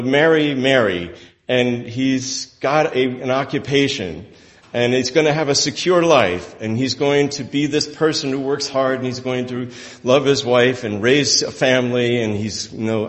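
A man preaching a sermon as a pastor, telling the story in an animated way and often breaking into laughter. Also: medium pitch. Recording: long hall reverb.

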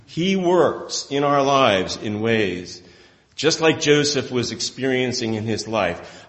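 A male pastor preaching with lively, animated storytelling and frequent chuckles. His voice sits at an ordinary pitch for a man and carries a long reverb tail, like a large church sanctuary. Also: slow pace. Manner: animated storytelling, often laughing. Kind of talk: sermon.

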